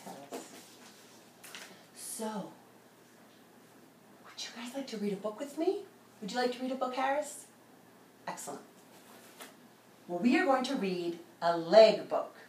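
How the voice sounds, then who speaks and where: A woman teaching a children's yoga class, her voice rising and falling in a playful, encouraging sing-song. She speaks slowly and warmly to the kids, captured from a distance in a roomy space with faint ambience behind her. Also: medium pitch, a little hiss or hum.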